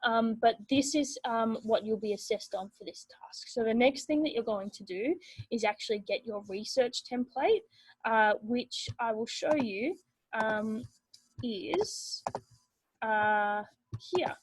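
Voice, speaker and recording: A young woman teacher, explaining an assessment rubric to students in a steady, explanatory way with many fillers. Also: on the high side, slow pace, breathy edge, no room sound, low-quality recording. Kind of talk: recorded classroom lesson explaining a rubric.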